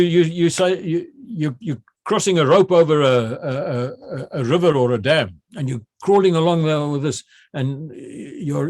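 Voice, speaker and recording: An older man from South Africa, a retired general telling stories from his military training, often repeating words as he starts and acting out shouted drill calls. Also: fairly high pitch, dry recording, clean studio sound. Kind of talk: recounting memories.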